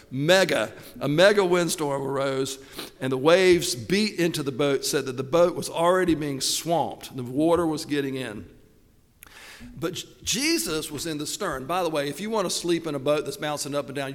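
Animated preacher in a reverberant hall. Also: male voice, fairly high pitch. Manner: conversational, animated storytelling with asides and laughs. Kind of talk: sermon.

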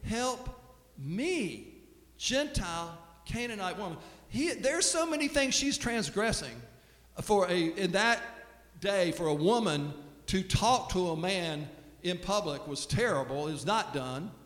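A man preaching a sermon in a relaxed, storytelling way, often restarting his sentences, recorded in a church sanctuary. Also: high voice, measured pace. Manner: conversational storytelling, with frequent restarts. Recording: echoey hall with long reverb.

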